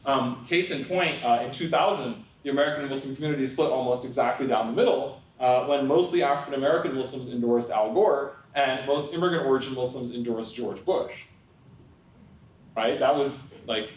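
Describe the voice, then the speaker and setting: Young male speaker from New York, lecture with jokes, conversational and wry, lots of fillers; mic picks him up from a distance in a reverberant room. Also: mid-range voice. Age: young adult. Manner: conversational, frequent "um" and "right?", wry asides. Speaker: public speaker. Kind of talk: lecture talk with humorous asides. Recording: echoey hall, voice from far off.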